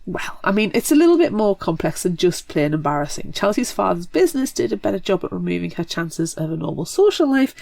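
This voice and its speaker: A woman's voice: lowish voice, big pitch swings, a little fast, gravelly, few pauses, a little mellow, no echo. A woman co-hosting a casual book podcast, chatty and enthusiastic as she summarizes a story. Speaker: podcast co-host.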